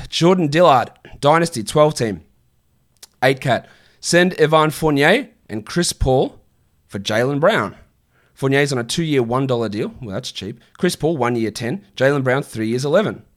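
A man's voice: mid-range voice, lively intonation, a little slow. A man in his thirties hosting a casual fantasy basketball stream, answering viewer questions in a blunt, exasperated way with plenty of swearing. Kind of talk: casual livestream Q&A.

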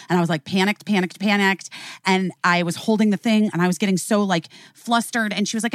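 A woman's voice: medium pitch, steady tone, fast, no echo, studio quality. A woman from Chicago hosting a casual podcast chat, telling stories animatedly with lots of "like" fillers and the odd swear. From Chicago, USA. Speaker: podcast host.

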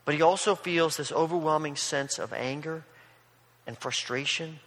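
A man's voice: fairly high pitch, fairly bright tone, big-room sound. A man preaching a sermon, retelling a scripture story in a casual storytelling way. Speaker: pastor.

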